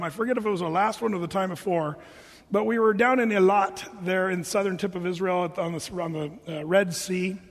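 A man preaching, telling stories in a chatty, animated way and laughing along with them. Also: sits high. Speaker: pastor. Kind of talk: sermon storytelling. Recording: long hall reverb.

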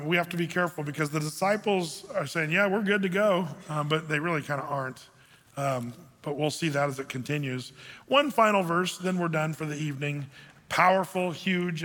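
Bright-voiced preacher in an echoing hall. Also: male voice, a little high, normal speed. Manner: conversational, joking asides. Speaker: pastor. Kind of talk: sermon, verse-by-verse teaching.

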